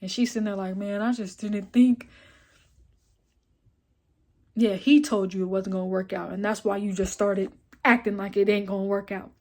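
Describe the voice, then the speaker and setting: Young woman vlogging, blunt and cussing a lot, animated storyteller, acts out the convo, middle-pitched voice. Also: fast. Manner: retells scenes with quoted dialogue and filler like "boom, boom, boom". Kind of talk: casual storytelling vlog.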